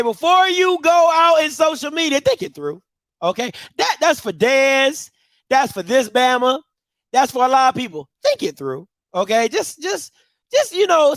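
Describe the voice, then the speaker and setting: High-pitched, animated male show host. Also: no room sound. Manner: animated, repeats catchphrases, bursts into loud laughter. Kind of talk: casual commentary.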